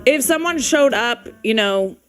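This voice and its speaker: A woman's voice: a little high, animated, measured pace, over loud music. A woman giving chatty, teasing reaction commentary, often breaking into giggles.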